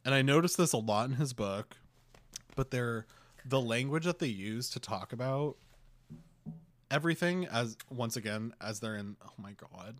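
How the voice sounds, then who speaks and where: A man's voice: mid-range voice, expressive, moderate pace. A man co-hosting a podcast, chatting casually in a rambling way with lots of fillers. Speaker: podcast co-host. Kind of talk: casual chat.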